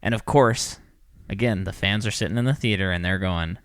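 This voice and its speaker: Animated podcast man acting out quotes. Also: fairly low pitch, brisk, dry recording, studio quality. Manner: animated, acts out quotes in put-on voices. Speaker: podcast co-host. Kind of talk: casual chat.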